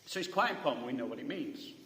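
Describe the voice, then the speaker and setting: Speaking fast with an expressive, sharp, medium-pitched voice, this male pastor delivers a conversational sermon. He keeps asking the congregation "right?" and restarts phrases as he goes. The church hall has a long, echoey reverb.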